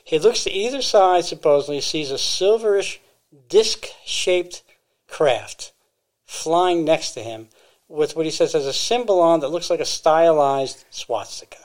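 A man's voice: fairly high pitch, expressive, measured pace, darkish tone. A man co-hosting a podcast, casually retelling a story with fillers and restarts. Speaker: podcast co-host.

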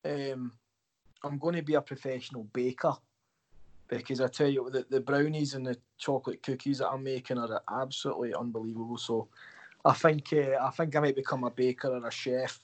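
A male hockey coach chatting as a podcast guest, mid-pitched and easygoing. He answers questions loosely and turns them into self-deprecating jokes. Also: steady tone, brisk. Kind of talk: casual podcast interview.

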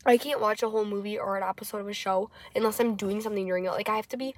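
A woman's voice: medium pitch, steady tone, very fast, no room sound. A young woman co-hosting a casual podcast from a parked car, blunt and swearing constantly as she rants and jokes. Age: young adult. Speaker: podcast co-host. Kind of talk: casual chat.

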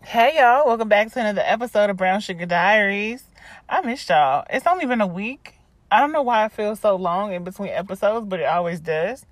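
A woman talks through her week like a diary entry, loose, chatty and quick to laugh. Her voice sits at an ordinary middle pitch for a woman, and her asides spill out in a friendly, playful flow. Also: lively intonation, no echo. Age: 30s. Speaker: podcast host. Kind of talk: casual voice-diary monologue.

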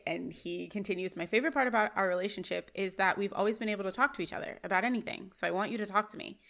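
A woman's voice: mid-range voice, quick pace, gravelly, few pauses. Young woman co-host reading a recap. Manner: reads recap quietly and evenly, laughs at herself. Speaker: podcast co-host. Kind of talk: casual chat and reading a scene recap.

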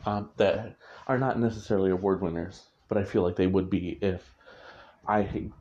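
A man's voice: low-pitched, fairly even intonation, moderate pace, a little mellow, slight background noise. A man, an author, talking casually about his writing in a rambling way, correcting himself and chuckling often. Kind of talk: casual chat. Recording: muffled lo-fi recording.

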